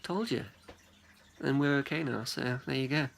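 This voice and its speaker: A man's voice: mid-range voice, steady tone, vocal fry, fairly bright tone, a little hiss or hum. A young man rambling casually to a friend, chatty and profane, often acting out what people said. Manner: chatty and profane, quick to act out quotes. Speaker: vlogger addressing a friend.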